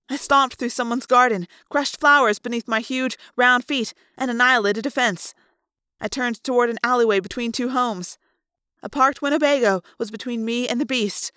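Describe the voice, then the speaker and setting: A woman's voice: a little high, moderate pace, bright, forceful tone, dry recording, studio quality. A woman reading a first-person novel aloud, dramatic and voicing the sound effects herself. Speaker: audiobook reader.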